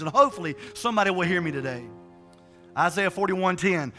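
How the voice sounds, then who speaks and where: Male preacher telling a testimony, bright and high-pitched, colloquial and emphatic, full of restarts. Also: expressive, fast, faint music behind. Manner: rambling storyteller with frequent restarts and repetitions. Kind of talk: sermon testimony.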